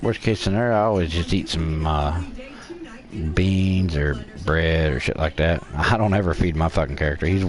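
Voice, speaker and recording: A man's voice: a bass voice, moderate pace. A middle-aged man streaming a game, telling crude, profane stories in a casual chat. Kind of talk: casual storytelling while gaming.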